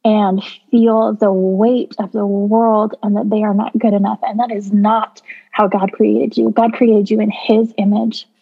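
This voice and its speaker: A woman's voice: medium pitch, flat delivery, measured pace, vocal fry, narrow, tinny audio. A woman on a Christian talk show, speaking with heartfelt emphasis and building repeated phrases. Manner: emotional, repetitive, emphatic. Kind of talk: heartfelt faith discussion.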